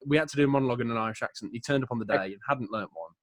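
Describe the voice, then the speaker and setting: A man's voice: medium pitch, rapid-fire, a bit bright, dry recording. Guy co-hosting a chat podcast, tells stories, laughs a lot. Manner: storytelling, laughs easily. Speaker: podcast co-host. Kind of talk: casual chat.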